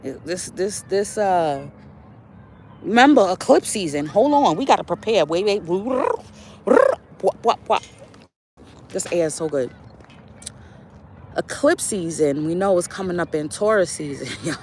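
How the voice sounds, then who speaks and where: A woman's voice: fairly low pitch, lively intonation, moderate pace, darkish tone, a little hiss or hum. A young adult woman, a spiritual vlogger, telling a story in a casual monologue with lots of fillers and preachy asides while out on a walk.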